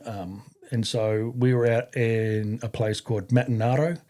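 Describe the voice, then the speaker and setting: A man's voice: medium pitch, steady tone, measured pace, dark tone. A middle-aged Australian man, an army veteran, telling stories in a rambling casual way with many fillers and restarts. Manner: rambling, frequent fillers and restarts, acts out quoted voices. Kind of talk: casual storytelling.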